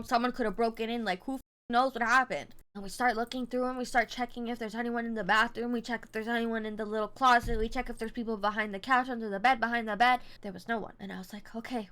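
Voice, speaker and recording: A woman in her twenties telling a storytime vlog, casual and profane, acting out quoted dialogue with lively energy. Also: mid-range voice. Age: 20s. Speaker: storytime vlogger.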